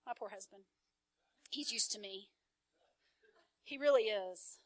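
A middle-aged woman sharing a testimony as a church speaker, in an animated, emphatic storytelling manner. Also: mid-range voice, a little slow, no echo. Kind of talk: sermon-style testimony.

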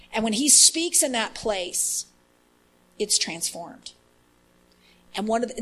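A woman leading an inner healing ministry, telling an animated story with many fillers in a faith-based teaching talk. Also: on the high side, rough recording.

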